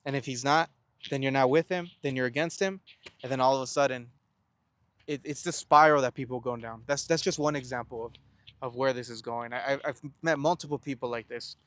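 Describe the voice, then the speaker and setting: A young man speaks with plain, middle-pitched earnestness, working through a motivational talk by asking questions and answering them. He often stammers and restarts a word before pressing on. The sound is dry and close, with no room around it. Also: steady tone, brisk, a bit bright, dry recording. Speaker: self-help vlogger. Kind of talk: reflective motivational monologue.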